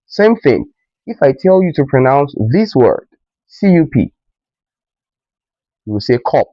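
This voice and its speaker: A man teaching pronunciation in a slow lesson, stressing each example word. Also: mid-range voice, sing-song, no echo, lo-fi sound. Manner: emphatic, drawn-out example words.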